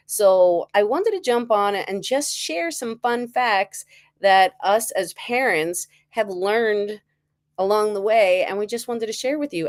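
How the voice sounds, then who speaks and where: A woman hosting a relaxed group chat, telling family stories with a lot of laughter. Her voice sits a little low. The sound is close and dry. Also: dry recording. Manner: laughing, animated storyteller. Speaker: host. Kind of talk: casual storytelling chat.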